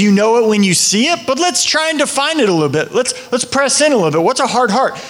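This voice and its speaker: A man's voice: sits high, fairly bright tone. A man preaching a conversational sermon, chatty and often checking in with "right?". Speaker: pastor.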